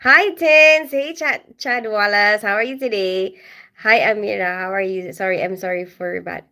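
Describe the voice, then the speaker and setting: A woman's voice: mid-range voice, moderate pace, bright, forceful tone. A middle-aged woman from the Philippines hosting a casual livestream from home, reading comments and greeting viewers by name with frequent laughter. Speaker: livestream host.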